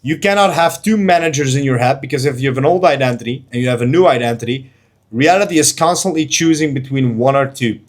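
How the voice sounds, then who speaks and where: A man's voice: mid-range voice, fast. A man coaching to camera in an intense, preachy motivational monologue, blunt, with casual slang and swearing. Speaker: life and trading coach.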